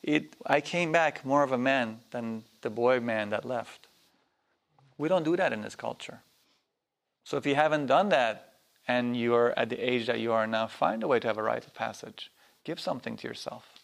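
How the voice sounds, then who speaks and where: A man with a gravelly, creaky voice and a mid-range pitch leads a spiritual workshop. He talks loosely and swears freely. He slips into little voices when he tells his stories. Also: normal speed. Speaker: workshop teacher. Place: workshop hall.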